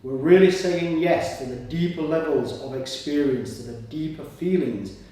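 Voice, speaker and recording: Man, somatic exercise coach, slightly high voice, encouraging cues, audible breaths, very echoey room, distant from mic. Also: normal speed, mellow. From Britain. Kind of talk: guided exercise instruction.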